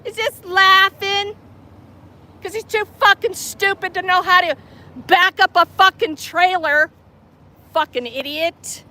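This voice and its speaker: High, bright-voiced heckling woman outdoors. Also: fairly even intonation, slow. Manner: profane, heckling and sarcastic. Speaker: street activist filming police. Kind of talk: confrontational street filming. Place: outdoors on a city street.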